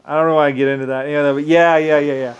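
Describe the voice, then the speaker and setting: A man's voice: fairly high pitch, level tone, fast talker, clean tone, highs cut off. A man talking in a rambling, casual monologue, often restarting sentences and slipping into quoted asides. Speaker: vlogger.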